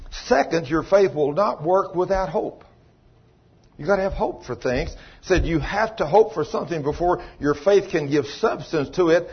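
A man preaching a sermon as pastor, telling a story and acting out the dialogue, swinging between loud and soft. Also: on the high side, animated, moderate pace, slightly rough, muffled recording.

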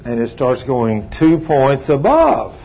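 An older man preaching a sermon, telling a testimony with emphatic, drawn-out phrases. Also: medium pitch, very animated. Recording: slightly dull sound, faint background hum.

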